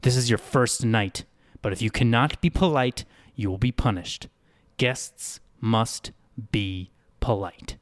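A man doing a smooth, cold inhuman barmaid. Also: medium pitch, slow, no echo, lightly acted. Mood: menacing. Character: eerie smooth-voiced female inhuman bartender.

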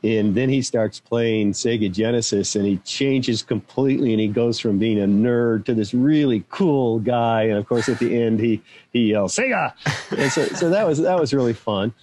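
A man's voice: mid-range voice, normal speed, hardly any pauses, mellow, a little hiss or hum. An older man, a guest in an interview, telling rambling anecdotes and laughing at himself as he goes. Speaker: interview guest, former executive. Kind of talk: casual interview storytelling. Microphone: own microphone, remote.

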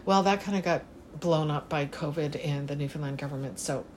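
A woman's voice: deep voice, fairly quick, darkish tone, a little hiss or hum, rough recording. A woman in casual conversation, talking emphatically and running through long lists of examples. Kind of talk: casual chat.

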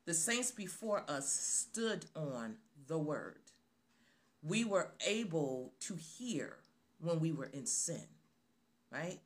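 A woman's voice: sits low, very animated, slow. A woman preaching a sermon on a live stream, stressing her points by repeating phrases.

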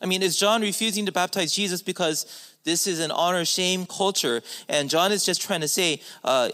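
A man's voice: fairly high pitch, moderate pace, pushed and bright. A man preaching a sermon as a pastor, emphatic, with his voice rising and falling for stress.

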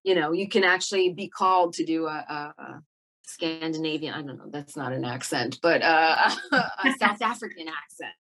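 A woman's voice: low voice, moderate pace, fairly bright tone, slightly rough. A woman actor being interviewed, talking casually and reflectively, with many fillers and restarts. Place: Montreal.

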